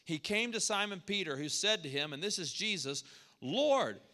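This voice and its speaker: Bright-voiced preacher in a reverberant hall. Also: male voice, high voice, brisk. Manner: animated, acts out quoted voices. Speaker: pastor. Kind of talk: sermon. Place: church sanctuary. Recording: long church hall reverb.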